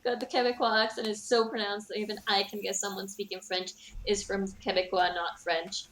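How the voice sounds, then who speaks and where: A woman friend chatting casually while gaming, lively and blunt, with some swearing. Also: medium pitch, fairly quick. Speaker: friend joining the stream.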